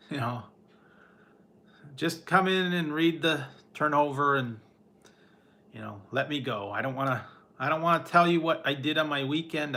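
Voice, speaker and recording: In a medium-pitched voice that sounds pushed and bright, the same kind of home livestream host rambles and laughs a lot. He chats casually with viewers in the live chat and speaks to his pet.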